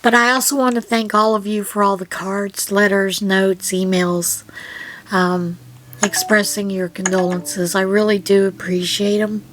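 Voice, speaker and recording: A middle-aged woman hosting her own yarn channel, chatting through her mail in an unhurried, rambling way with many pauses and fillers. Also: medium pitch, little pitch movement, fairly bright tone. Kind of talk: casual unboxing chat.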